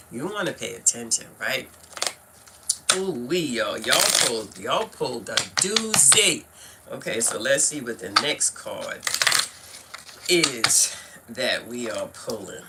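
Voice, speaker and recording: An older woman from Brooklyn, New York, with a Brooklyn accent, reads cards on a live stream from inside her home. Her bass voice moves slowly with lively intonation, and the recording is very noisy. She chats casually, addressing viewers directly as "y'all" and "fam."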